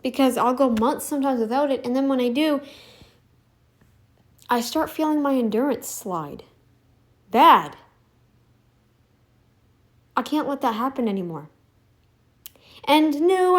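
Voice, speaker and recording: A woman vlogger ranting in casual commentary, emphatic and defiant, repeating herself for effect. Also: a little high.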